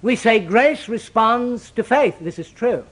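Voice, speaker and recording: Preaching with the rhythm of old scripture, a man with a very high, expressive voice speaks a little slowly. He alternates booming, forceful proclamations with quiet, grave asides.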